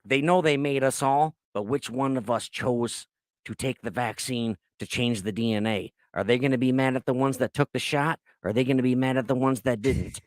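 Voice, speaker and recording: A man hosting a podcast in casual chat, rambling excitedly and swearing often. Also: mid-range voice, dry recording. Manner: profane, rambling, excitable storytelling. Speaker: podcast host. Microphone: laptop recording.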